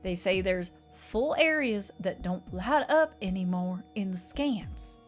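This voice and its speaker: A woman voicing a patient, weary adult son who calmly reasons with his confused father. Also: mid-range voice, slow, faint music behind.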